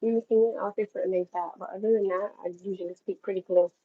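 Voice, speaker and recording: Husky-voiced woman chatting on a livestream. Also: mid-range voice, steady tone, racing, narrow, tinny audio. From New York. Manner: chatty, rambling, talks straight to viewers. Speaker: livestream host. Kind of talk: casual livestream chat.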